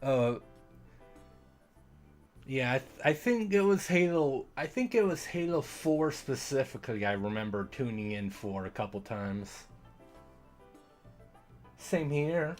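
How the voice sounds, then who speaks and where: A man's voice: medium pitch, lively intonation, unhurried, pauses often, soft background music. A man streaming a game, rambling and self-deprecating in casual commentary, swearing now and then.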